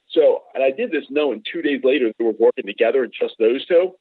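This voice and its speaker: A man's voice: mid-range voice, fairly quick, husky, no echo. Man telling stories over a tinny phone line. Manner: rambling, animated, acts out other people in quotes. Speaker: podcast guest. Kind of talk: casual storytelling chat.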